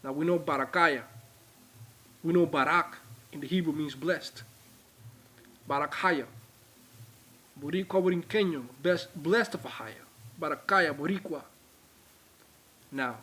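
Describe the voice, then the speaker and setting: Slow, emphatic man teaching. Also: a little high, pushed and bright, slightly rough. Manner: emphatic, repetitive, addresses viewers directly. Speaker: religious teacher. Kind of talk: informal video lecture.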